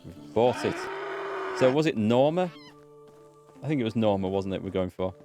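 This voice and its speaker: Low-voiced North Yorkshire man streaming a game. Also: animated, normal speed, warm tone, faint music behind. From North Yorkshire, England. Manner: chatty, answering viewers' chat between game actions. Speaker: let's play streamer. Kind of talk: live-stream gameplay commentary.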